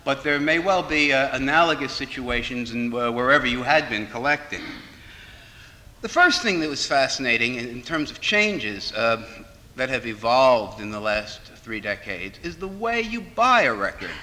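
A middle-aged man, reminiscing in an unhurried lecture and pausing on frequent "uh" fillers. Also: medium pitch, expressive, pushed and bright. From New York. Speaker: speaker on record collecting. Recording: long hall reverb.

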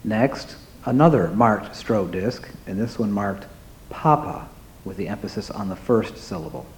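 A man announcing and describing recordings one at a time, in a slow, careful way. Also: fairly low pitch, darkish tone, slight background noise. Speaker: presenter playing recordings. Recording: roomy with faint ambience.

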